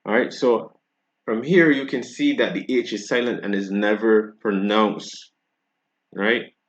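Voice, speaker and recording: A man's voice: on the low side, measured pace, muffled recording. A man with a Barbadian accent, teaching a French pronunciation lesson in a casual, patient way and often checking in with tag questions.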